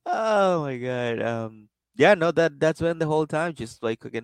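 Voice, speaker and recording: A man's voice: fairly high pitch, lively intonation, normal speed, few pauses, clear, resonant tone, no echo. A man co-hosting a podcast, laughing often as he retells reality-show scenes in casual banter. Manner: giggly, retells scenes with quoted voices. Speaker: podcast co-host.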